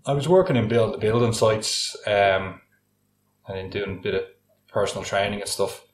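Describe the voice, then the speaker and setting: A man in his forties with an Irish accent, chatting as a podcast guest and telling lively stories full of "like" and "you know". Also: fairly low pitch, normal speed, reverberant, a little hiss or hum. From Ireland. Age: 40s. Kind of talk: casual anecdote-telling in conversation.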